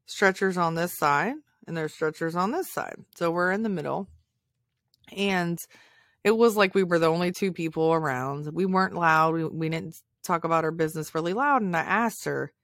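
A woman hosts a podcast and tells a personal story with open, heartfelt emotion. Her voice sits a little low for a woman. The sound is close and dry, with no room echo. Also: moderate pace, fairly bright tone. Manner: emotional, heartfelt, tearful at times. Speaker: podcast host.

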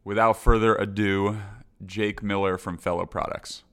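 Male podcast host, low-pitched, chatty and upbeat. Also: little pitch movement, moderate pace, fairly bright tone, smooth. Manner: upbeat, conversational with fillers. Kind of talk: podcast interview.

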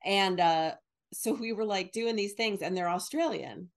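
A woman from New Jersey and New York co-hosts a podcast, speaking unhurriedly at a medium pitch. She rambles in an animated way through the casual chat and laughs often.

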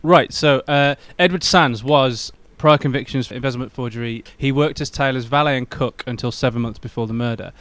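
A man co-hosting a podcast, retelling a story casually with some halting fillers. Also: medium pitch, fairly bright tone, no room sound. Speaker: podcast co-host telling the story.

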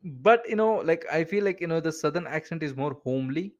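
A man's voice: a little high, lively intonation, fairly quick, muffled recording. A man with an Indian English accent hosting a casual podcast interview, chatty and full of "you know" fillers. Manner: chatty, frequent "you know" fillers, laughs between points. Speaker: podcast host.

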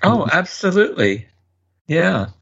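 A husky-voiced man hosts an interview podcast and reads out prepared setups before his questions. The sound is muffled and lo-fi. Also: high-pitched, sing-song, a little slow. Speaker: podcast host. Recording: dull lo-fi audio.

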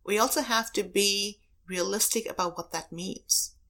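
A woman's voice: medium pitch, moderate pace, a bit bright. A woman who is a prosecutor and elected official, answering interview questions with earnest, emphatic personal stories.

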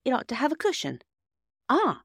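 Woman doing a kind brave little girl, high and lively, storybook reading. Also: normal speed, slightly rough, no room sound, studio quality, full character voice. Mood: comforting.

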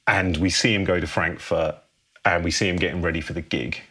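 A man's voice: low voice, fairly even intonation, a little fast, sharp tone. A man hosting a podcast, telling a film story in a laid-back, casual way and ending phrases with "man".

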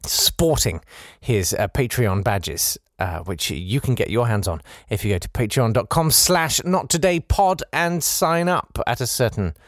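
A man's voice: mid-range voice, expressive, a little slow, hardly any pauses, no room sound. Podcast guy reading out listener mail, bouncy up and down voice, dry sarcastic asides, dead dry close sound. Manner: wry, sarcastic asides with mock exasperation. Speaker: podcast host. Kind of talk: casual chat reading listener messages.

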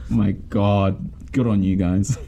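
A man hosting a casual film discussion podcast, animated and mock-outraged, laughing often. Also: fairly low pitch, takes it slowly, muffled recording, a little hiss or hum. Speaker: podcast host.

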